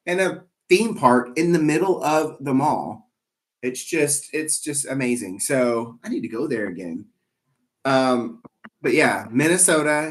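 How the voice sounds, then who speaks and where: A man hosting a live trivia game, playful and rambling, teasing himself in asides between questions. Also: a little high.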